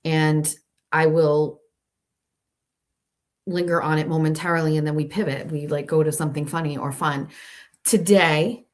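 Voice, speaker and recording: A woman's voice: deep voice, steady tone, normal speed, pauses often. Irritated woman ranting on a livestream. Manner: irritated, profane, talks straight to viewers. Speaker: livestream show host. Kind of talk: casual livestream rant. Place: at home. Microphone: laptop mic.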